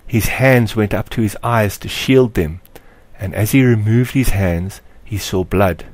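A man with a low voice narrates a story in a measured, expressive audiobook style. The recording is dry and close, with no room echo. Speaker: author reading his story.

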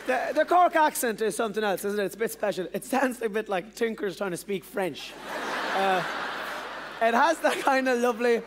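Irish stand-up, high voice, rambling and sweary, live crowd and noise around him. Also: male voice, expressive. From Ireland. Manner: profane, rambling, halting. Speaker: stand-up comedian. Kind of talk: stand-up routine. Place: theatre stage. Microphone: stage microphone. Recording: live show, noisy crowd.

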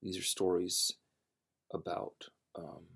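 A man hosting a storytelling channel, chatting casually before a reading, rambling and halting with many fillers and restarts. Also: low voice, monotone, creaky, a bit bright, slightly rough.

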